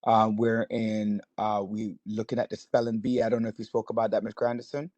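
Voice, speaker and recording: A man's voice: on the low side, little pitch movement, a little fast, darkish tone, no echo. A man chairing a community board, talking casually on a video call, hesitant with many fillers and good-humored. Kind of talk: casual meeting remarks. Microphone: video call mic.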